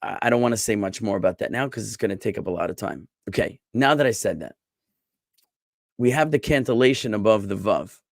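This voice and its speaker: A man's voice: on the low side, fairly quick, gravelly, no echo, clean studio sound. A man teaching a Hebrew class as a rabbi, patiently drawing out words to show which syllables get the stress and checking that students follow. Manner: thinks aloud with restarts and rhetorical checks. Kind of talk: online class lecture.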